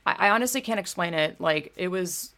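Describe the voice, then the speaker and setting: A young woman hosting a casual livestream, speaking in a low, gravelly voice. She rambles, swears freely, and fills her pauses with ums and likes, like someone talking at her desk mic. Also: lively intonation, a bit bright. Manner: rambling, profane, filler-heavy. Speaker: livestream host.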